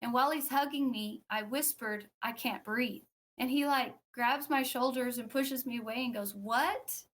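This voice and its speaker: A woman with a somewhat high voice tells a personal story as a podcast guest. She talks in a loose, conversational way and acts out what others said. Her telling is animated, broken up by fillers and restarts. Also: moderate pace. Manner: animated, acts out quoted speech.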